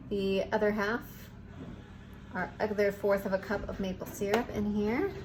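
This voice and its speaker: A woman's voice: mid-range voice, background noise. A woman hosting a home baking show, chatting playfully to the viewer as she works through a recipe in her kitchen. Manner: chatty and playful, talking to the viewer while working. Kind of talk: casual cooking demonstration.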